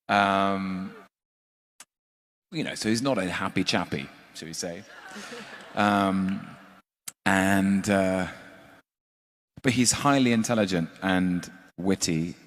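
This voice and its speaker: A man explaining Shakespeare in a thoughtful, measured way, pausing often with ums as he reflects. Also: low voice, fairly bright tone.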